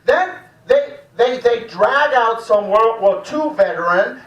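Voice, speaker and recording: A woman doing stand-up comedy in a small cafe room. She talks in an unhurried, drawn-out way with a wry, mocking edge. Her voice sounds distant and echoes around the room. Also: on the high side, lively intonation. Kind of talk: live stand-up set.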